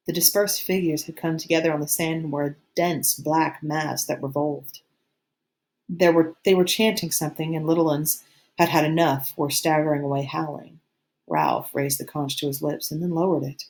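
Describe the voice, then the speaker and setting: Lower-pitched woman reading a novel aloud. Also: fairly even intonation, moderate pace, darkish tone. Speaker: teacher. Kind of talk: audiobook reading.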